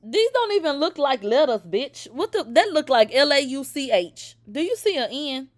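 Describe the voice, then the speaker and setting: A woman in her thirties hosts a live celebrity gossip stream at normal speed, reading comments aloud and reacting with profane animation. Her voice swings from a low drawl up to sudden shrieks.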